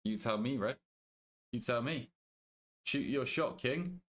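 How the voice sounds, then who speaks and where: A man's voice: medium pitch, slow, fairly bright tone. British man bantering with his chat. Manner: banters with chat, swears casually, thinks aloud. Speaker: game streamer. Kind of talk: casual live-stream chat.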